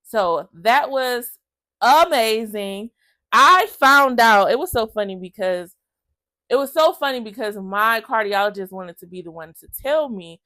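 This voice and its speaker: A woman's voice: fairly high pitch, a little slow, no room sound. Emotional woman vlogger, chatty and direct. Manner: emotional, lively storytelling that acts out other people's lines; chatty, addresses viewers as y'all. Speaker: vlogger sharing her own story. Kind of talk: casual personal storytelling to camera.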